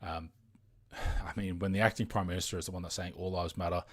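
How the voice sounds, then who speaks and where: A man's voice: deep voice, little pitch movement, brisk. An Australian man hosting a live stream, ranting heatedly in casual commentary with frequent fillers and some swearing.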